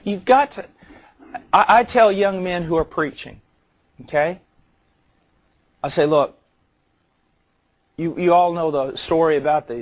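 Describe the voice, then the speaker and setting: A man with a slightly high voice preaches a sermon, telling stories conversationally and building to earnest intensity. He often repeats words as he starts a phrase.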